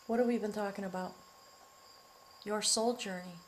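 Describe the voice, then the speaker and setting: A middle-aged woman gives a heartfelt spiritual tarot reading at an unhurried pace, lingering on her words and sometimes softening to a near whisper. Her voice sits at an average pitch for a woman. Faint cricket sounds hum behind her. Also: steady tone, poor audio. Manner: earnest and emotional, often choked up, breaking into soft laughs; slow, drawn-out delivery with soft near-whispered words. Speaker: tarot reader.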